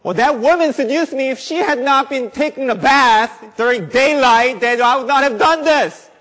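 A male preacher voicing a grown man who whines excuses to God in a high, strained voice, in a long echoey reverb. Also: normal speed, fairly bright tone. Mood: whining. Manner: pleading, self-justifying, high and strained.

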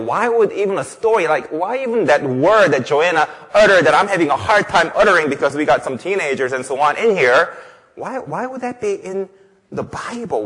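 A man's voice: on the high side, fairly bright tone, breathy edge. A male pastor preaching a sermon, emphatic, with rhetorical questions and repeated phrases. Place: church sanctuary. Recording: long reverb of a large hall.

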